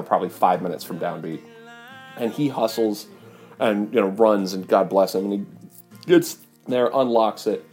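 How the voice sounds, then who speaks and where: A man, a touring fiddle player, animatedly retelling a story with lots of fillers. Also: fairly low pitch. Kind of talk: casual storytelling.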